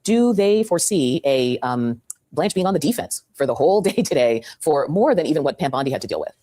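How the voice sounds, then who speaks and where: A woman's voice: sits low, lively intonation, fairly quick, warm tone, dry recording. A woman news anchor putting probing questions to her guests. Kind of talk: broadcast interview.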